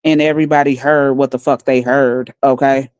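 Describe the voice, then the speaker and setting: A woman livestreaming on her phone, taunting and mocking others in a calm, profane, smooth way. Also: very deep voice, moderate pace, dry recording. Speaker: livestream host. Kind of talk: casual livestream rant.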